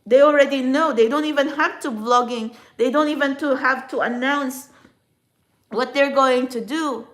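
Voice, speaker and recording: A woman with a high voice tells her story in a personal vlog, and her first language is a Filipino dialect. She rambles and restarts, emotional and halting, circling back on her thoughts. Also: fairly even intonation, a bit bright. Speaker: spiritual vlogger.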